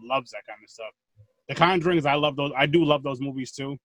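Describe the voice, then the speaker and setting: Fast-talking man hosting an interview. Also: mid-range voice, fairly bright tone. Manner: encouraging, talks in long run-on thoughts. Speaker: interview host. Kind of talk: casual interview chat.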